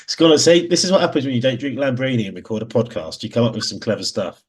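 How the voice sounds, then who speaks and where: A man with an English Midlands accent co-hosts a casual podcast chat in a husky, medium-pitched voice at a quick pace. He banters and laughs often.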